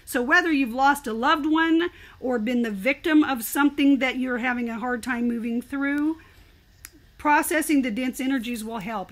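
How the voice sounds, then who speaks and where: An older woman, a guest in an interview, telling her story in an animated, expressive way. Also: sits high.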